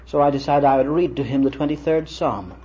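A man's voice: medium pitch, a little fast, mellow, breathy edge. An older man giving a lecture-style sermon, telling stories and quoting conversations in a conversational way. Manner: storytelling, conversational, quotes others in dialogue. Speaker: preacher lecturing. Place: lecture hall with students. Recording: dull lo-fi vintage recording with faint hiss.

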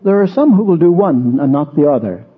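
A man's voice: a little high, very animated, fairly quick. A man preaching an expository sermon, walking through verses and stressing repeated words, then telling a personal story. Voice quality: husky. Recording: tinny, narrow-band old recording.

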